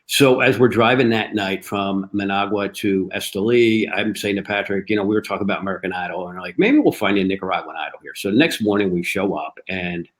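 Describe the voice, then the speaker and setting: A man telling a story in a casual interview, lively, acting out the dialogue he quotes. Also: lowish voice, brisk, few pauses, rough recording. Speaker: cigar company guest. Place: live online show.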